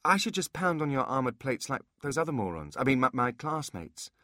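A man's voice: medium pitch, sing-song, brisk, sharp tone, no echo, studio quality, voice pushed up. A man voicing a small, timid male imp who speaks nervously. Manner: hesitant, nervous.

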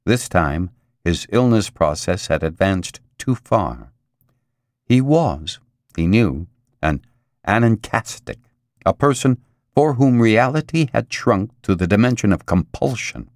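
A male audiobook narrator reads a novel in a measured way, pausing for drama. His pitch rises and falls a lot. He is recorded close and dry, with no room sound. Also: dry recording. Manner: measured, expressive reading with dramatic pauses. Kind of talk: scripted narration.

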